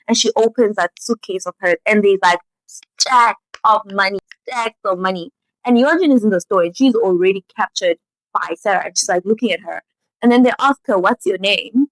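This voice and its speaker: A young woman in a casual, animated show recap, full of "like". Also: mid-range voice, fairly quick, no echo, low-quality recording. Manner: animated storytelling, lots of "like". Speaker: vlogger.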